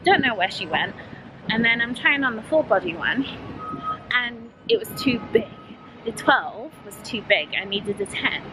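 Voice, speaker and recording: A young Yorkshire woman with a fairly high voice chats through a story, blunt and animated. She acts out both sides of what was said, and steady traffic noise sits behind her. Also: unhurried. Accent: Yorkshire English. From Yorkshire, England. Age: young adult. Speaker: vlogger. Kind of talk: casual storytelling vlog.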